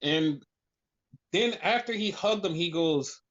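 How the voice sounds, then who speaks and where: A man's voice: a little high, moderate pace, fairly bright tone. A man in casual chat, rambling with lots of "like", swearing, and acting out what others would say. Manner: rambling, profane, heavy on "like", acts out quotes. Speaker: podcast co-host. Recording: dull lo-fi recording.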